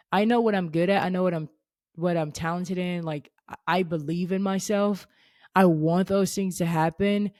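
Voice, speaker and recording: A woman's voice: low voice, darkish tone, no echo, studio quality. A young woman hosting a faith podcast, talking earnestly and casually, often restarting and saying "like". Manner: earnest, conversational, with frequent "like" and restarts. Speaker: podcast host.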